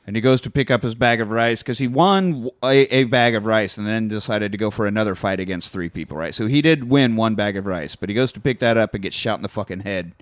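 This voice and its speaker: A man's voice: lowish voice, quick pace, few pauses, no echo. Man, podcast co-host, casual profane movie recap, dry close sound. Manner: profane, animated retelling with acted quotes.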